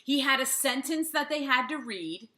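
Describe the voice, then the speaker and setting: A woman's voice: high-pitched, lively intonation, moderate pace, sharp tone. A middle-aged woman hosting an interview, talking in an enthusiastic, gushing, chatty way. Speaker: podcast host. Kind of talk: casual interview chat. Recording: echoey room.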